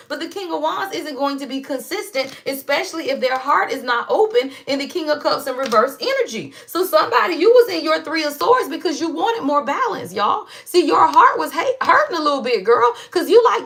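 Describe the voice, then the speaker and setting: Bright, high-voiced animated woman tarot reader. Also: a little fast, hardly any pauses. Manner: animated, slangy, keeps addressing viewers as y'all. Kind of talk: casual spiritual tarot reading.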